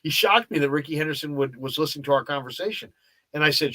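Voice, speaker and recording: Bright-voiced sports radio host, storytelling. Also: male voice, a little high, fast talker. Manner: lively storyteller, acts out the dialogue. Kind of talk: casual sports talk, anecdote telling.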